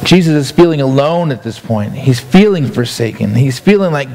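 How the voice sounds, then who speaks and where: A male pastor delivers an earnest sermon in a church. His voice sits at an ordinary middle pitch, and he often doubles back on his words. A faint hum runs under the recording. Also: expressive, normal speed, gravelly, darkish tone. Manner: earnest, with frequent repeated words and restarts. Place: church sanctuary.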